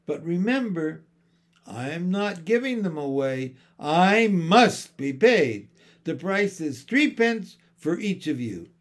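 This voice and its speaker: A man voicing a tiny, ancient shopkeeper woman with a high, shrill little voice, bossy to her daughters and sly with guests. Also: very animated, slow pace, exaggerated voice. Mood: brisk. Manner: switches between scolding and sugary coaxing.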